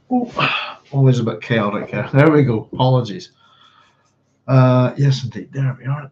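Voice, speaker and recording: A man's voice: mid-range voice, normal speed, darkish tone, slight background noise. Rambling man hosting a book club. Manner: rambling, chatty, hums to himself. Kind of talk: casual livestream chat and reading. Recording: slightly dull lo-fi stream audio.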